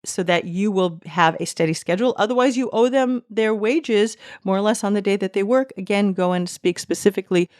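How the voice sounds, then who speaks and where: A woman's voice: medium pitch, clear, resonant tone. Earnest middle-aged woman podcaster. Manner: earnest, emphatic, quotes scripture with rising intensity. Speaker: podcast host. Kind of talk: teaching podcast monologue.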